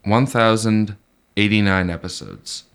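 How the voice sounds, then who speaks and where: A man's voice: on the low side, unhurried, fairly bright tone, smooth. A man co-hosting a podcast, making laid-back, dry remarks in casual chat. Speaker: podcast co-host.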